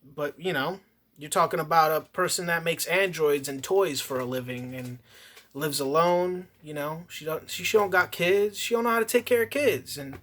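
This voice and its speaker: Bright-voiced swearing movie reviewer man. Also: on the high side, normal speed. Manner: profane, ranting, heavy swearing; rambling with frequent restarts. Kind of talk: casual rambling review.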